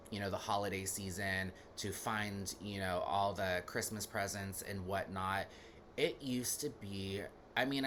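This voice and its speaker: A man's voice: sits low, bright, forceful tone, slight background noise. A man giving a casual, rambling talk as a spiritual teacher, full of fillers, who laughs now and then while telling stories.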